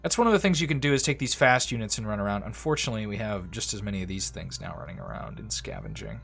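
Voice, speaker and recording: Low-voiced man narrating a strategy game. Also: very animated, quick pace, creaky, a bit bright, a little hiss or hum. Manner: chatty, talks to the game units. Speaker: gameplay commentator. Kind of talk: casual let's-play commentary. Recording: faint music behind the voice. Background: faint game music.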